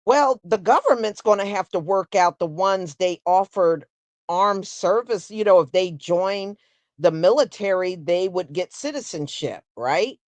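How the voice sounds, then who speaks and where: A woman hosting a casual solo livestream, talking in an unhurried, conversational way and answering viewers with "mm-hmm" and "yeah". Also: on the low side, expressive, darkish tone, no echo. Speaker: host.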